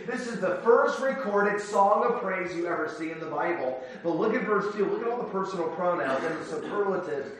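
A man preaching a sermon, moving from soft asides to shouted exclamations, telling stories with humor. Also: high-pitched, expressive, brisk, few pauses. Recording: echoey hall, from far off.

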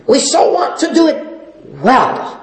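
A man's voice: very high voice, wildly swooping pitch, slow, roomy sound, poor audio. A male pastor preaching a sermon, pleading and emphatic, repeating phrases for stress.

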